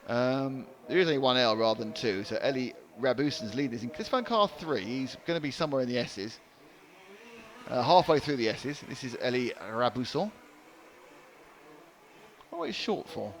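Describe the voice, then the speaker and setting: A man's voice: medium pitch, animated, moderate pace. A man doing live race commentary, chatty and joking with his co-commentator. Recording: light background noise.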